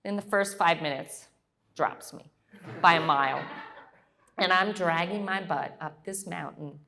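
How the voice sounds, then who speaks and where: Middle-aged woman, lowish voice, lively guest speaker who performs the voices in her anecdotes. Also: a little slow, vocal fry, slight background noise. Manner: animated, acts out quoted voices. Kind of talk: storytelling Q&A.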